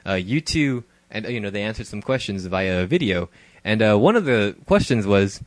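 A man's voice: lowish voice, animated, normal speed, hardly any pauses, no echo. Laughing man co-hosting a podcast. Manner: laughs often, loose and joking. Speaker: podcast co-host. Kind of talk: casual chat.

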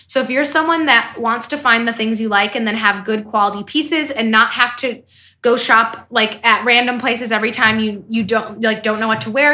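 A young woman with a bright, crisp voice pitched a little high talks in a relaxed, rambling way, full of fillers and quick giggles. She sounds like a podcast co-host trading stories with a friend. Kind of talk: casual chat.

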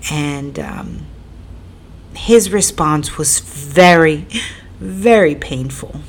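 A woman's voice: low-pitched, animated, drawn-out words, a little hiss or hum. A woman telling a personal story in a casual, rambling way, repeating herself with fillers and building to emphatic, indignant stretches.

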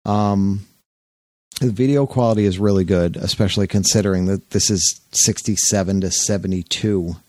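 A man hosting a podcast, chatting casually and retelling an anecdote with lively jumps into quoted voices. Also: moderate pace, no room sound. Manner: animated storyteller, jumps up in pitch for quoted voices. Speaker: podcast host.

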